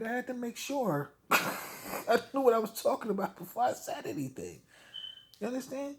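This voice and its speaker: A man's voice: extremely high pitch, big pitch swings, moderate pace, pauses often. A man venting in a heated, profane rant to camera, blunt and full of swearing. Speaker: vlogger.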